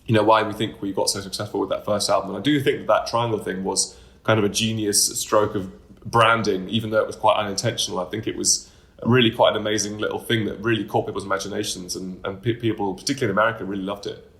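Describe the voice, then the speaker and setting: A man's voice: lowish voice, little pitch movement, quick pace, gravelly, fairly bright tone. A man, a band member being interviewed, talking in a loose, rambling way with many fillers and restarts. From United Kingdom. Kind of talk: casual interview talk.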